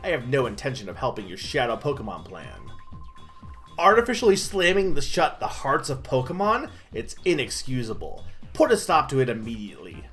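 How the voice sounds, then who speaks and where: A man's voice: medium pitch, huge pitch swings, a little fast, fairly bright tone, faint music behind. A man reading aloud as a stern, principled older male scientist, with firm, clipped refusals. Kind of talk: reading game dialogue aloud.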